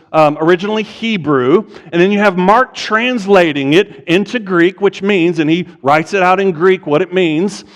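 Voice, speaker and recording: A male pastor teaching a sermon, explaining step by step and asking his listeners rhetorical questions. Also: sits high. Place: church sanctuary. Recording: long hall reverb.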